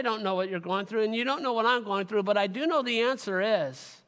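Male pastor, sermon, dynamic delivery from loud to hushed; bright forceful tone, long hall reverb. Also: high voice, fairly quick, hardly any pauses.

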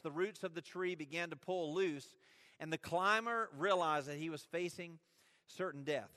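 A man with a high, bright, ringing voice preaches a sermon, pressing his points and throwing questions back at the congregation. His words trail off into a long hall reverb. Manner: emphatic, asks the listeners questions. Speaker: pastor.

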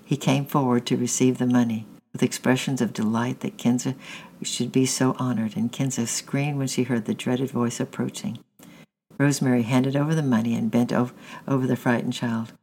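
A man reading a storybook chapter aloud in a steady narration, often correcting himself mid-phrase. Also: mid-range voice, moderate pace, a little hiss or hum, low-quality recording. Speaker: audiobook reader.

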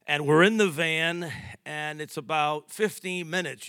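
A man's voice: a little high, a little slow, pushed and bright, smooth, no room sound, studio quality. A man in his sixties from Massachusetts, a pastor preaching a sermon with emphatic rising bursts and joking asides.

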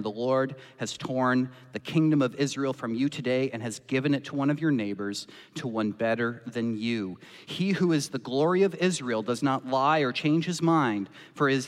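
A man preaching a sermon as pastor, impassioned and acting out the voices he quotes. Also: mid-range voice. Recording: long reverb of a church hall.

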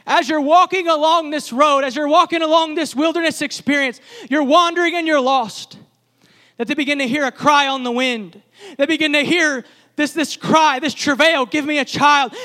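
A man delivers a sermon at a church service in a strikingly high voice. His tone is bright and forceful. He builds his points through repeated phrases that swell with passion. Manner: impassioned preaching with repetitive, building phrases. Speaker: preacher.

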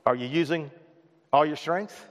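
A man preaching in a church sanctuary, his slightly higher voice carrying a long reverb from the hall. He talks in a loose, chatty way and restarts his phrases with repeated words. It sounds like a friendly sermon to a familiar congregation. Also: measured pace. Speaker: pastor. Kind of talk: casual conversational sermon.

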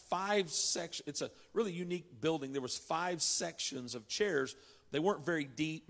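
A man's voice: fairly high pitch, fairly bright tone. Storytelling male preacher in a reverberant hall. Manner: storytelling, conversational with southern "y'all". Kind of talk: sermon.

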